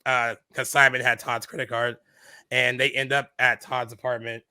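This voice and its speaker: Bright-voiced man in casual movie chat. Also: mid-range voice, normal speed, clean tone, no room sound. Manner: animated retelling, acts out lines in quoted voices. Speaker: podcast co-host.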